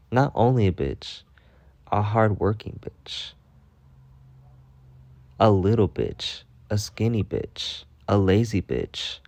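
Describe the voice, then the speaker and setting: Male vlogger, low mellow voice, dry close sound; profane storytime rant, animated. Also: no room sound. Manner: profane, animated, repeats himself for emphasis.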